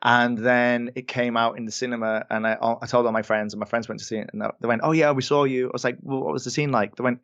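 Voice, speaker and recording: A man's voice: mid-range voice, flat delivery, fast talker, hardly any pauses, fairly bright tone, muffled recording. A man, a voice actor guest, telling anecdotes in a casual podcast interview, laughing often and sounding self-deprecating.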